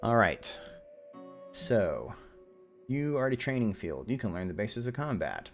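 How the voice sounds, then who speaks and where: A man's voice: lowish voice, big pitch swings, a little slow, creaky, soft background music. A man giving casual, rambling commentary while streaming a video game, joking with his chat. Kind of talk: live gameplay commentary.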